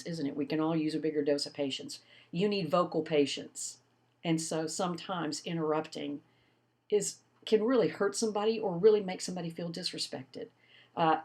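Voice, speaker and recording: A woman college instructor, giving a recorded video lecture in a conversational, animated way with rhetorical questions. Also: on the low side.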